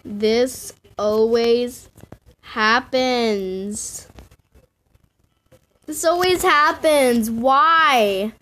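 A woman giving casual game commentary to her viewers in an excitable way, often squealing and gasping. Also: fairly high pitch, very slow, pauses often. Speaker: gaming video host.

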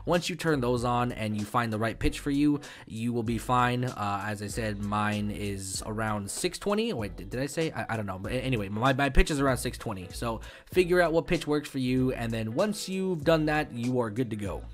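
A man's voice: mid-range voice, animated, moderate pace, few pauses, faint music behind. A man in his twenties hosting a casual gaming tutorial, rambling and profane, with frequent stumbles and fillers. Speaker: YouTube gaming host.

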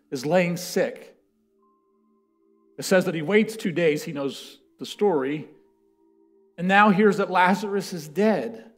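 A man delivers a sermon and reads scripture aloud, his voice sitting high as it swings between loud declarations and hushed words.

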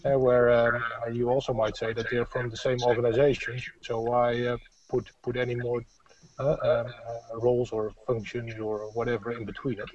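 A man speaking on a conference panel, halting and full of fillers. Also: medium pitch, flat delivery, darkish tone. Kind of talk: panel discussion. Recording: distant mic, dull sound, crowd behind.

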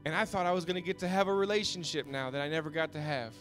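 Impassioned high bright-voiced man preaching. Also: soft background music. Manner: swings from hushed storytelling to shouted passion; halting, repeats words when moved. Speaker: pastor. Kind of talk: emotional personal testimony sermon.

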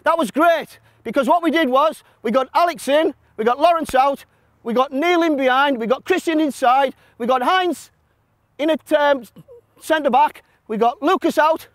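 High-voiced, blunt football coach. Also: male voice, normal speed, no room sound. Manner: shouting instructions to players on a pitch, then explaining quietly to an audience; blunt, joking. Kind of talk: coaching session with live demonstration. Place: outdoor football pitch.

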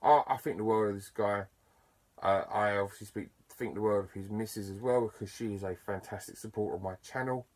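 A man talking casually to camera as a YouTuber, chatty and enthusiastic, with bursts of excitement and self-deprecating asides. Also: fairly low pitch, brisk. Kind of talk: casual to-camera vlog talk.

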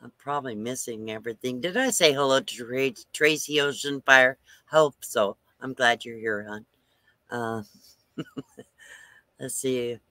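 Chuckling older man with a bright, dry voice. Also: mid-range voice, a little slow, no echo. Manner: chuckling, rambling storyteller. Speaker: livestream host. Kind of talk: casual storytelling livestream.

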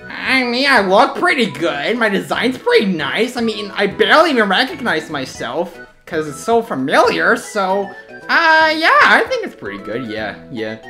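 A woman's voice: very animated, unhurried, soft background music. A woman voicing Luigi, a timid adult male plumber, who speaks hesitantly and trails off in a fan reaction skit. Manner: hesitant, trailing off, lower and quieter.

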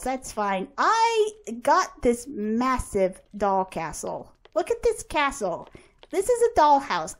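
Lively high-voiced woman playing a game. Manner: chatty, laughs often, talks to game characters. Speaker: game channel host. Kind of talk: casual gameplay commentary.

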